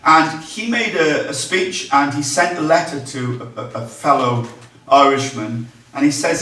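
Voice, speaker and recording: A man's voice: on the high side, unhurried, bright, forceful tone. Man giving an echoey history talk. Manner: conversational, reads quotes aloud, frequent ums and restarts. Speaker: local history speaker. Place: large echoey room, speaking to an audience. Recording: echoey room from a distance.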